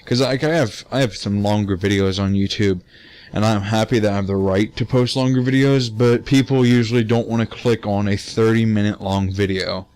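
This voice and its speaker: A man's voice: fairly low pitch, steady tone, normal speed, darkish tone, smooth. A teenage man giving casual gameplay commentary, tired, rambling with many fillers and restarts and casual swearing. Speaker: let's play gamer.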